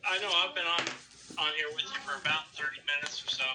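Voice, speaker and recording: A man's voice: a little high, steady tone, quick pace, far from the mic, background noise. A man joining a live stream as a guest, making brief, easygoing remarks. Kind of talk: casual chat.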